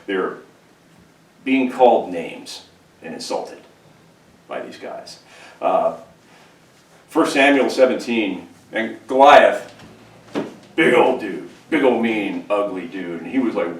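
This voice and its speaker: A man from California, a pastor, preaching a humorous, conversational sermon with animated storytelling. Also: lowish voice. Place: church sanctuary. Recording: echoey church room, distant mic, faint hiss.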